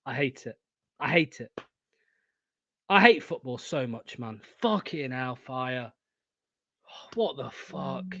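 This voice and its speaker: A young man hosting a live football watchalong, swearing often and swinging from excited shouting to deflated muttering. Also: mid-range voice, creaky, no room sound, highs cut off. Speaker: fan watchalong host.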